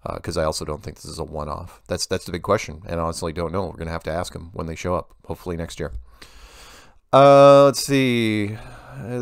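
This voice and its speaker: A man's voice: sits low, normal speed, no echo, clean studio sound. A man hosting a casual Q&A, reading viewer emails aloud and answering them in a rambling way that often breaks off and restarts. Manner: rambling, self-interrupting, restarts sentences. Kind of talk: casual Q&A monologue.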